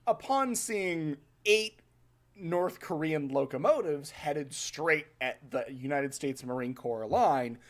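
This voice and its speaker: A man hosting a casual podcast, telling a history story in an animated, swearing, laughing way. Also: fairly high pitch. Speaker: podcast host.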